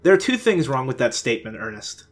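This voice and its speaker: A man's voice: mid-range voice, big pitch swings, fast talker, slight background noise, close to an everyday voice. A man voicing a dry, sarcastic teenage girl who can see ghosts. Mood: teasing.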